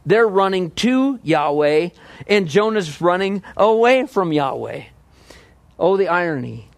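Man, preacher, conversational sermon, animated, questioning, slightly high voice, dry close sound. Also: measured pace, vocal fry, dry recording. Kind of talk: expository sermon.

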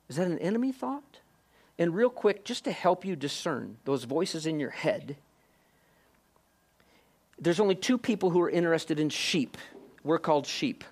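A man delivers a sermon at an unhurried pace, his voice rising and falling with wide, lively swings in pitch. He sits a little above the usual male range and asks his listeners question after question, dropping to a hush and then pressing with emphasis. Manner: questions listeners directly, shifts from hushed to emphatic. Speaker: pastor.

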